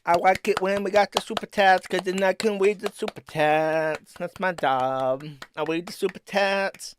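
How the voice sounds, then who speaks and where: A man's voice: sits high, steady tone, moderate pace, noisy background, voice pushed up, natural voice. A man putting on a dim-witted childlike guy. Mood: goofy.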